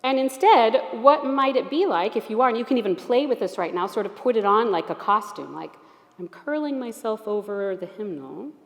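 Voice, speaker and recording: A woman's voice: on the high side, lively intonation, fairly quick, hardly any pauses. Encouraging woman teacher in an echoey church. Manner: gentle, encouraging, invites the group to try things. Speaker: Alexander Technique teacher leading a workshop. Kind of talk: guiding a group exercise.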